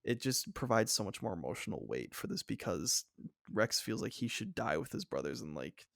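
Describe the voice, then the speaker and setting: Gravelly, enthusiastic young podcast co-host man. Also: lowish voice, very animated, normal speed, no echo, clean studio sound. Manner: enthusiastic, rambling, frequent "like" fillers. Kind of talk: casual fan discussion.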